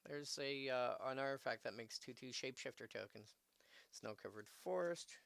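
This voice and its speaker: Gravelly man musing over card text. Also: medium pitch, lively intonation, normal speed, a bit bright, no echo. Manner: reads card text aloud, musing, with asides. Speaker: streamer opening card packs. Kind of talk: casual live-stream commentary.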